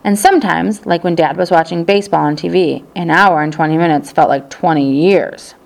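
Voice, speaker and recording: A woman reading a children's novel aloud as narrator, telling the story in a steady, even way. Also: lowish voice, brisk, creaky. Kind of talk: audiobook narration.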